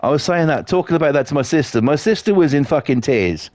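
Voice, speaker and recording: A man's voice: a little high, animated, fast, darkish tone, dry recording. Blunt, sweary British man streaming. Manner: blunt, swears freely, laughs often. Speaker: live game streamer. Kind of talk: casual live-stream chat.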